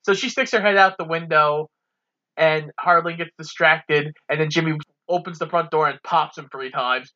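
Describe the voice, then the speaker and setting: A man's voice: fairly high pitch, moderate pace, sharp tone. A man co-hosting a podcast, casually walking through a movie's plot and laughing along. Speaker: podcast co-host. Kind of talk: casual movie recap chat. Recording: dull lo-fi sound.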